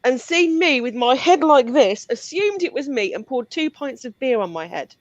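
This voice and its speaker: A woman tells a comic anecdote with animated energy. Her voice sits a little high, and the recording sounds dull and dry. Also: normal speed, dry recording. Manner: animated storytelling. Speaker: comedian panelist.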